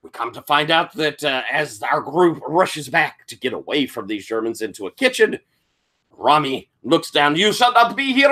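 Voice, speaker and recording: Lively storytelling man running a game. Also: a little high. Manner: animated storyteller, acts out quotes and sound effects. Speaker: game master. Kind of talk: recapping a tabletop game session.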